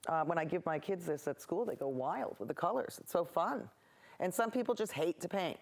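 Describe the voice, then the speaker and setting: A woman's voice: on the low side, lively intonation, brisk. A woman hosting a local TV painting show, chatting in rambling, cheerful tangents as she paints. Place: local access TV studio.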